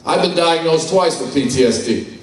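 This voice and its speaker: In a large conference hall, an older man gives a blunt, salty, folksy talk full of personal stories. His voice is a little high and his pace normal, and the mic picks him up from afar in the roomy space.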